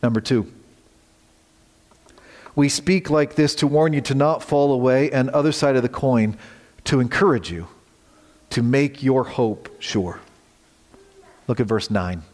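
A man preaching a sermon as pastor, earnest, swinging from loud emphasis to hushed near-whispers. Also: mid-range voice, measured pace, pauses often, in a large hall.

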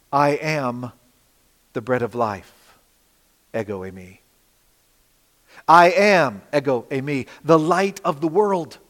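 A man preaching a sermon, dramatic, with rhetorical questions, swinging between loud emphasis and quiet asides. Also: on the high side. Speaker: pastor. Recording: long reverb of a hall.

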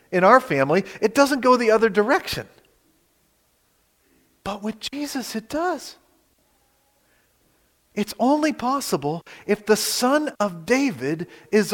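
A man with a Western Pennsylvania accent and a voice that sits high preaches a sermon as pastor in a church sanctuary, a large hall. He's animated, using rhetorical questions and dramatic pauses.

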